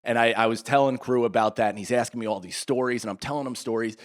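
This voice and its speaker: A man in his thirties co-hosting a podcast in casual chat, telling a rambling, animated story full of restarts and asides. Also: mid-range voice, fast talker. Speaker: podcast co-host.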